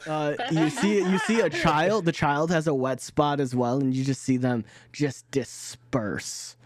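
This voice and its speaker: A man narrating a tabletop role-playing session, his voice sitting a little high and his delivery unhurried. He breaks into laughter often and restarts sentences as he goes, recorded close and dry with no room sound. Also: dry recording. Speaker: dungeon master.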